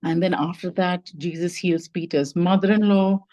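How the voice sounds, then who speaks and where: A woman's voice: on the low side, fairly even intonation, normal speed, mellow, rough recording. A woman giving a conversational sermon over a video call. She thinks aloud, says "like" and "you know" often, and asks her listeners reflective questions. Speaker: lay preacher giving the message.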